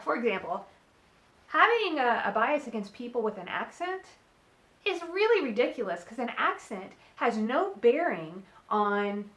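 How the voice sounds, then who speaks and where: A woman's voice: a little high, fairly bright tone, roomy sound, rough recording. A young adult woman from California hosting a casual solo opinion talk, chatty and frank, with many fillers and restarts. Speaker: podcast co-host.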